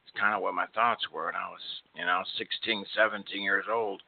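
A man's voice: deep voice, fairly even intonation, moderate pace, gravelly, dry recording. A man co-hosting a call-in radio show, talking in a reflective, conversational way with many fillers. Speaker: radio co-host. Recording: dry tinny phone line.

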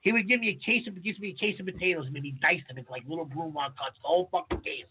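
New chef, co-host, husky and fast, cusses freely, tinny phone-like audio. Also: male voice, on the high side, slight background noise. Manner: profane, animated storytelling. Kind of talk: casual chat, storytelling.

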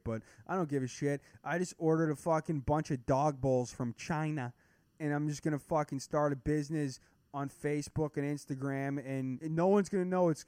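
Young male podcast co-host, profane and cocky, slightly high voice, dead-dry sound. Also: a little mellow, no room sound. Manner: profane, brash, ranting. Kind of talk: casual podcast chat.

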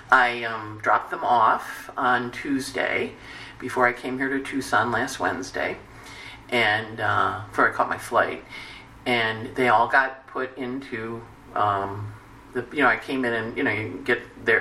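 A woman astrologer hosting a casual weekly forecast, talking in a chatty, animated storytelling way with many asides. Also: rumbling low, slight background noise. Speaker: astrologer host. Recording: echoey room, distant mic.

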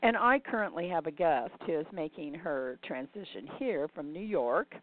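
A woman's voice: sits low, animated, normal speed. An older woman telling a reflective story and posing rhetorical questions to the listener. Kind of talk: reflective spoken monologue. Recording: dry, tinny phone-like sound.

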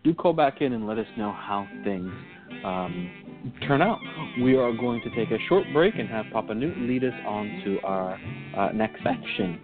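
A man co-hosting a call-in radio show, explaining things in a measured way with many fillers. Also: fairly low pitch, very animated, music in the background. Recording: tinny phone-line audio.

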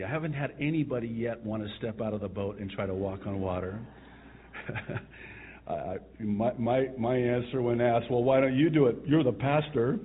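A male pastor preaching a sermon, telling the story with chuckles and soft asides. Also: fairly low pitch, breathy edge. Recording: tinny phone-like sound.

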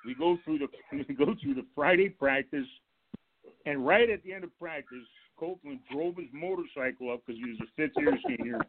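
A man, a former football coach, calling in to a radio show and telling lively stories about his old players and staff. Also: a little high, brisk, gravelly, no room sound. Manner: animated storyteller, acts out quotes, laughs along. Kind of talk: telling anecdotes on a call-in show. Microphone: telephone. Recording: tinny phone line.

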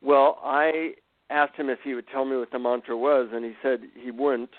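A man with a mid-range voice tells a story over the phone at normal speed, the line sounding dry and tinny with no room sound. He's a guest, a psychotherapist and author, and his conversational storytelling is animated and full of self-deprecating anecdotes.

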